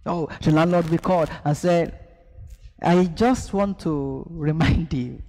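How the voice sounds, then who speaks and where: A man's voice: on the high side, takes it slowly, mellow. A man preaching a sermon, emphatic, asking the congregation to repeat after him and acting out scenes. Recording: echoey hall.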